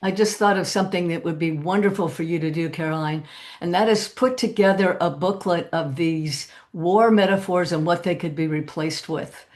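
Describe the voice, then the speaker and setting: A man's voice: on the high side, moderate pace. A man interviewing a guest, encouraging her with friendly questions. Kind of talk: conversational interview.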